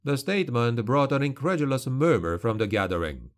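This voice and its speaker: Man, audiobook narrator, dark fantasy reading, steady, grim, even. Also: mid-range voice, a little fast.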